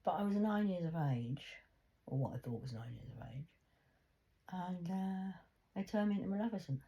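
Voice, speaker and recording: A woman with a low voice, lively, rambling, sweary. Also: normal speed, muffled recording. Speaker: host. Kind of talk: casual monologue.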